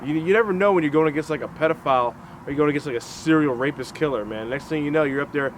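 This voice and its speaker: A man from Alaska talks casually with a friend outdoors and acts out what others said in playful voices. His voice sits a bit high. Traffic and street noise run clearly behind him. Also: very fast, low-quality recording. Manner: animated, acts out quotes in funny voices. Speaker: co-host.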